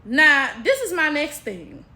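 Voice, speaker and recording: Animated high-voiced Detroit woman. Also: slow pace. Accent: Detroit African American English. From Detroit, USA. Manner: emphatic, animated, rhetorical asides. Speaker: commentary vlogger. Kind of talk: casual reaction commentary.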